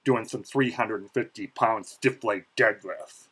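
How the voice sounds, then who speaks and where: A man's voice: on the low side, measured pace, fairly bright tone, slightly rough. A man quoting a cocky male bodybuilder rival in a dismissive tone, close to his own voice.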